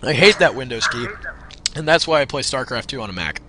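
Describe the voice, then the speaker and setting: A man's voice: mid-range voice, lively intonation, brisk. A young man casting a live video game match, chatty and joking, with frequent ums. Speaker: esports caster. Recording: faint background noise.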